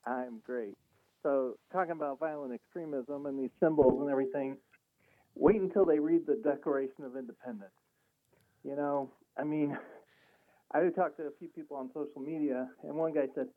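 An earnest male caller comes through a tinny phone line. His voice sits a bit high, and his delivery is animated. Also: moderate pace, dry recording. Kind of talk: call-in talk radio.

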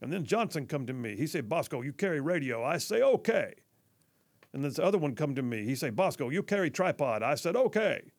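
A man's voice: a little high, sing-song, brisk, no echo. A man putting on a cheerful little soldier with a Malawian accent. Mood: matter-of-fact. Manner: broken English, plain and accepting. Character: small cheerful young male soldier from Malawi.

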